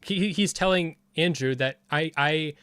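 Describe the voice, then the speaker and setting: A man's voice: a little high, moderate pace, a bit bright, clear, resonant tone, dry recording. A man commenting casually on a debate clip, heated and rambling with frequent restarts. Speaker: streamer reviewing a debate.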